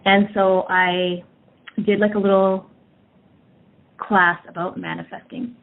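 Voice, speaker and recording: A woman's voice: medium pitch, little pitch movement, slow pace, creaky. A woman in her thirties telling a personal story in a candid, casual way with lots of fillers. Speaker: energy work practitioner. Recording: tinny phone-like audio.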